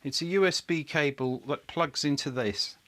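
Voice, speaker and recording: A man's voice: a little high, moderate pace, a bit bright. A man on a live build stream, thinking aloud at his electronics workbench, muttering to himself while he checks parts and hunts for a lost cable, wry and self-deprecating. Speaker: electronics hobbyist host.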